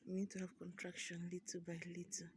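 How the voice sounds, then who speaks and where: A young woman vlogging from a hospital ward while in labour. She talks softly and often half-whispers, pausing through the pain. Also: fairly low pitch, completely flat delivery, slight background noise. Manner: slow, soft-spoken, often half-whispered. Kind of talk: personal labour vlog.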